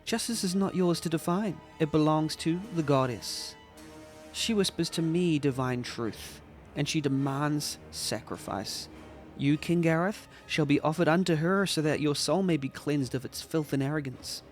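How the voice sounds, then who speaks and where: A man playing a cold, zealous crusade leader in a game, pious and sneering. The delivery is slow and self-righteous. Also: fairly high pitch, soft background music, lightly acted.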